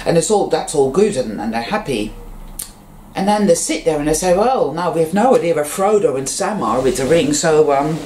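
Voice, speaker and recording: A vlogger talking in a casual, rambling monologue, full of fillers and restarts, and telling stories with sudden jumps in pitch. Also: expressive, moderate pace, darkish tone, slight background noise. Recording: roomy echo.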